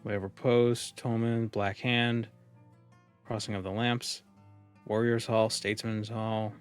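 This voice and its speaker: A man's voice: fairly low pitch, level tone, unhurried, clear, resonant tone, soft background music. Chatty male streamer musing during gameplay. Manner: musing, chatty, trails off and restarts. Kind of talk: casual gameplay commentary.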